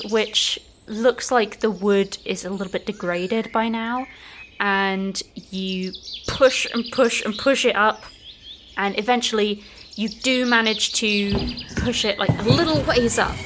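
A woman's voice: on the high side, measured pace, background noise. Woman game master narrating a forest trek. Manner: relaxed, descriptive, frequent "like" fillers.

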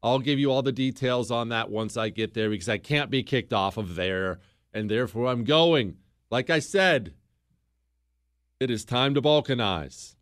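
A man hosting a history talk show, telling the story in a casual, animated way on a close studio mic. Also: medium pitch, no room sound. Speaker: host.

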